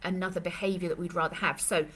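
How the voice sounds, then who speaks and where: A woman's voice: on the low side, steady tone, fast talker, a bit bright, slightly rough. A woman dog trainer answering questions in a live Q&A, chatty and rambling, with lots of fillers and restarts, speaking. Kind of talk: live Q&A session.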